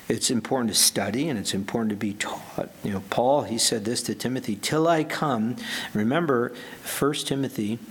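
A pastor preaches a sermon in an earnest, emphatic manner, slowing down to stress the scripture he quotes. His voice sits at medium pitch with a breathy edge.

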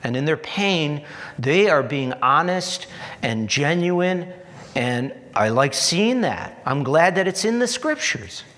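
A man preaching a sermon in an earnest, repetitive style, building to emphatic peaks and dropping to soft asides. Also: a little high, sing-song, slow, big-room sound. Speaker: pastor.

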